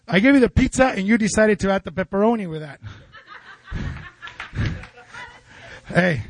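Fervent high-voiced male preacher. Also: very animated, measured pace, long pauses, slightly rough, dry recording. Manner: fervent, call-and-response with congregation. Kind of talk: sermon. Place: church.

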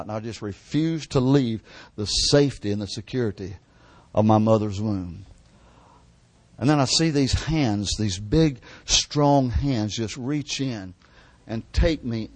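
An older man delivers a sermon at a church service, recounting his own story with fervent repetition. He sinks into hushed, near-whispered lines at the emotional peaks, and the recording is dry and close. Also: mid-range voice, dry recording. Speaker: preacher. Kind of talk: sermon testimony.

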